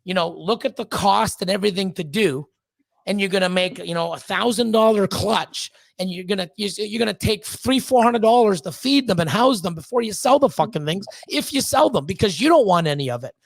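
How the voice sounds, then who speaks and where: A man's voice: high voice, animated, brisk, gravelly, no echo. A man talking as a podcast guest in a blunt, profane rant, often repeating words as he gets worked up. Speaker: podcast guest, snake breeder. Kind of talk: candid ranting conversation.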